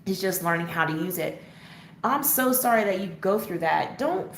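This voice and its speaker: A woman's voice: mid-range voice, lively intonation, normal speed. A woman hosting a casual live coloring chat, answering viewer comments as she works and laughing often. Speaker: coloring channel host. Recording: echoey room, faint background noise.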